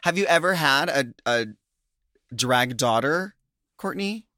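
This is a man co-hosting a relaxed podcast, his voice bright and sitting fairly high. He rambles through stories with plenty of fillers and breaks into laughter easily. The sound is close and dry. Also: takes it slowly, no room sound. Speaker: podcast co-host. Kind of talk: casual chat.

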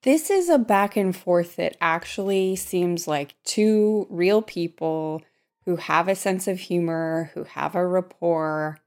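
A woman's voice: on the low side, slow, a little mellow. A woman co-hosting a casual book discussion, thoughtful and a bit hesitant. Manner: thoughtful, hesitant, laughs often. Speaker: podcast co-host.

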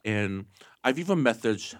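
A man's voice: on the low side, lively intonation, unhurried. A man guesting on a podcast, describing food in eager, detailed terms in a casual chat. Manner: enthusiastic, descriptive food critique.

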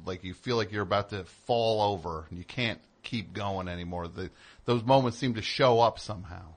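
A man's voice: on the low side, moderate pace. A man hosting a call-in talk show, easygoing and murmuring agreement while his guest talks. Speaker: radio show host. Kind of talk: casual talk show chat. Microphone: studio microphone.

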